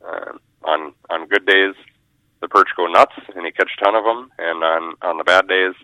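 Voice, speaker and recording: A man's voice: sits low, fairly even intonation, moderate pace, bright, forceful tone, dry recording. A man, a fishing guide talking casually in a radio interview, rambling and repeating his words. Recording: muffled phone line.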